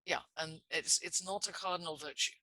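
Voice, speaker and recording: A man in a reflective church discussion, speaking haltingly with frequent restarts and fillers. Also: fairly high pitch, steady tone, sharp tone, no room sound, rough recording. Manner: halting, restarts phrases, many "you know" and "I mean".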